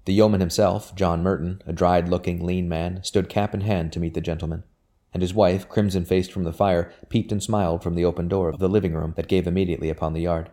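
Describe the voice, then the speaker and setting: A man reading a historical novel aloud as an audiobook narrator, in a measured, even storytelling manner. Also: low voice. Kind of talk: scripted narration.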